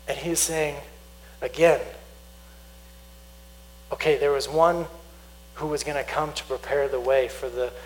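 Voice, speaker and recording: A man preaching a sermon, teaching earnestly, slowing down to stress key points and reading scripture aloud. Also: on the high side, poor audio. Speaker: pastor.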